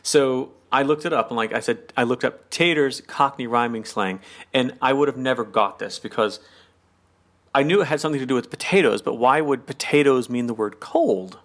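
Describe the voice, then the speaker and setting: A man's voice: mid-range voice, normal speed, a bit bright. A man co-hosting a podcast, chatting casually and fondly about a sitcom episode, with lots of fillers. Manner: chatty, many fillers, gushing. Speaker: podcast co-host.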